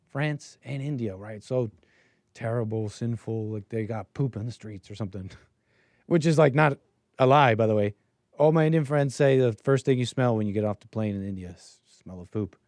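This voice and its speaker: A man hosts a call-in show alone, rambling through his commentary in stop-start bursts and trailing off into muttered asides. His voice sits at an ordinary middle pitch. The recording is dry and close, with no room sound. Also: mellow, no room sound. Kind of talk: solo commentary monologue.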